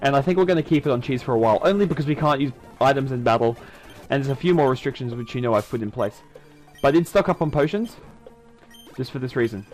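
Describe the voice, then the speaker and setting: A man's voice: medium pitch, lively intonation, fast talker, a little mellow, soft background music, poor audio. A man doing casual let's-play commentary on a video game, chatty and self-mocking. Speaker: gaming YouTuber.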